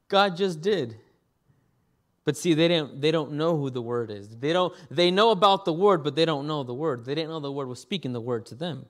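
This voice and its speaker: Lively high-voiced male pastor. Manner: animated, acts out scenes with quick voice changes and laughs. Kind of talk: sermon.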